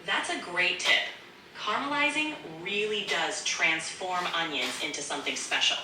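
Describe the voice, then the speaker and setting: A woman's voice: fairly low pitch, moderate pace, far from the mic, background noise. A synthetic woman's voice acting as an AI co-host, upbeat and full of compliments. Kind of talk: cheerful assistant replies. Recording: echoey room, voice from across it.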